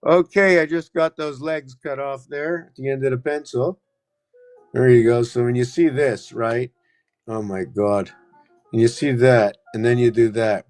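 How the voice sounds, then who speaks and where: A man's mid-range voice, recorded dry on a phone camera, hosts a live stream about numbers and letter shapes. He rambles loosely and keeps checking in with "right?".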